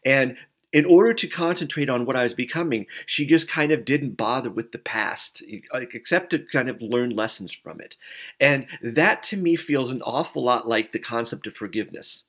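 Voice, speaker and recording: A man's voice: medium pitch, normal speed, a bit bright. A middle-aged man, a pastor, giving an informal sermon as a story with many fillers and restarts. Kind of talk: conversational sermon.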